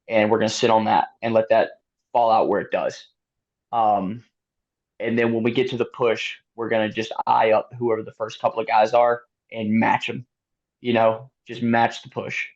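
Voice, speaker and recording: Animated man telling a race story. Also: medium pitch, moderate pace. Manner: animated, laughs often, lots of fillers. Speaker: guest athlete. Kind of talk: casual storytelling interview. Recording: dull lo-fi sound.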